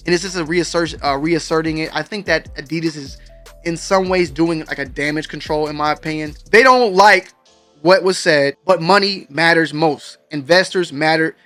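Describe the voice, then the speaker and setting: With a slightly high, bright, pushed voice at normal speed, a man hosts a sneaker news show and talks casually and slangily straight to his viewers in a conversational way. Faint music plays behind him.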